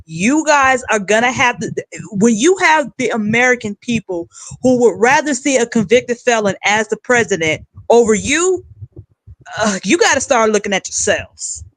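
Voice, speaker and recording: A woman's voice: fairly high pitch, lively intonation, moderate pace, fairly bright tone, dry recording, poor audio. A woman hosting a political commentary livestream, giving blunt, emphatic rants. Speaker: livestream host.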